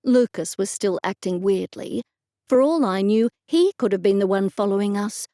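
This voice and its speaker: A woman reading an audiobook as narrator, telling the story in a steady, first-person way. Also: mid-range voice, moderate pace, no echo, studio quality. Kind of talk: scripted narration.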